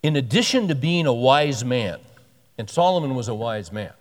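A man's voice: medium pitch, very animated, moderate pace. A man preaching a sermon in an earnest, conversational way, often repeating and restarting his phrases. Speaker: pastor. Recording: long hall reverb.

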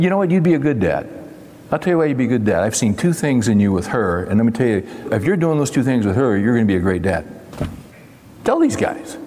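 A man's voice: medium pitch, a little mellow. Older male preacher in a reverberant hall. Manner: folksy, conversational preaching with acted-out dialogue. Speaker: pastor. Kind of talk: sermon. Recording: long reverb of a large hall.

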